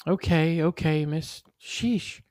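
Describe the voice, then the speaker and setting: A man's voice: fairly high pitch, slow, a little mellow, no echo, studio quality, voice pushed up. A man voicing a helpful, slightly exasperated little girl in a read-aloud story.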